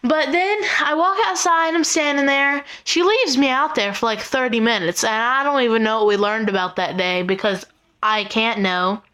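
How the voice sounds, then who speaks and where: Teenage girl vlogger, high voice, rambling exasperated storyteller with lots of "like" and "um". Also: normal speed, a bit bright, clear, resonant tone. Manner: rambling, exasperated retelling full of "like" and "um". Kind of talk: casual storytelling.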